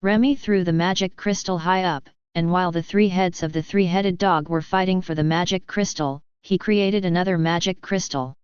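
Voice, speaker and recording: Low, crystal-clear woman narrating. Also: moderate pace, hardly any pauses, no room sound. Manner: steady, even reading. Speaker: audiobook narrator. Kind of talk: scripted narration. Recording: dry, slightly dull lo-fi.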